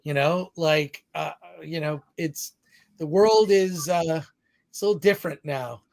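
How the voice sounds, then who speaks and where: A man hosting a live-streamed podcast, with a voice that sits higher than most men's. He rambles along, reads viewer messages aloud and laughs easily at himself. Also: measured pace, vocal fry, a little mellow. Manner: rambling, laughing, self-deprecating. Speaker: podcast host. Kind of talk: live-stream podcast chat, reading super chats.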